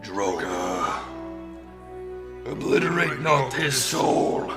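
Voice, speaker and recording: A man voicing an ancient, commanding male death spirit who speaks slowly and with menace in a tabletop game. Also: medium pitch, very animated, over music, full character voice.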